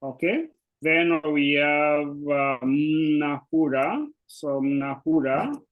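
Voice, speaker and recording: A man's voice: a little high, extremely slow, phone-quality sound. A man who speaks natively, teaching a language lesson in English with a hesitant manner full of fillers and restarts. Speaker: Swahili teacher. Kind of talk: explaining an online language lesson.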